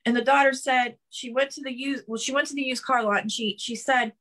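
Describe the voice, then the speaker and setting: A woman's voice: sits high, fairly even intonation, brisk, a bit bright. A middle-aged woman preaching a sermon in fervent, repeated declarations, often restarting her phrases. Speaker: prophetess preaching.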